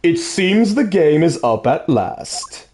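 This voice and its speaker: A man voicing a courtly, menacing male assassin in a fan game dub, speaking with slow, cold politeness. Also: fairly high pitch, very animated, darkish tone, a little hiss or hum. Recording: faint game music behind.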